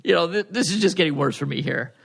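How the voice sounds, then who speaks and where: A man's voice: fairly high pitch, expressive, quick pace, gravelly, fairly bright tone, slightly rough. A man co-hosting a podcast in casual chat, with dry, self-mocking humor. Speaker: podcast co-host.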